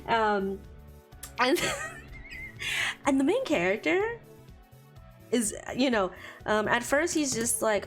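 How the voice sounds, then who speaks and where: A woman's voice: fairly high pitch, sing-song, takes it slowly, long pauses, faint music behind. A woman streamer chatting casually while she draws, retelling a plot in a rambling, giggly way. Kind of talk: casual chat while drawing.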